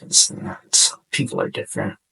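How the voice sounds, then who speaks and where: A young man hosting a casual podcast, speaking in a subdued, halting way with a sore throat, as if on the verge of tears. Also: sharp tone, rough recording. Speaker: podcast host. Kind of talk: casual personal monologue over gameplay.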